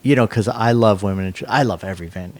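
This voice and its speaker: A man's voice: lowish voice, quick pace. A man, a guest musician, telling stories in casual chat with enthusiasm and lots of fillers. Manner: enthusiastic storyteller with many fillers.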